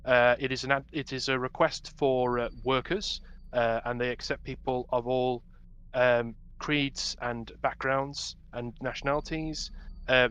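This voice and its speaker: Bright-voiced male game master. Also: mid-range voice. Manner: descriptive with frequent ums and restarts. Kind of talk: narrating a tabletop game.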